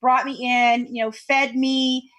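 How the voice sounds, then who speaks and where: A woman from Kentucky, a true crime podcast co-host, chatting in an interview over a video call as a lively storyteller. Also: sits high, a little slow. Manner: chatty storyteller, acts out quoted voices. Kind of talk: casual interview chat.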